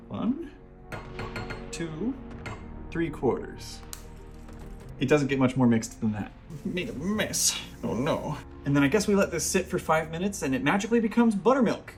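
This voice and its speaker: A man's voice: mid-range voice, darkish tone. A man hosting a casual home cooking vlog from his kitchen, narrating each step with wry, self-deprecating jokes. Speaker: home cooking show host.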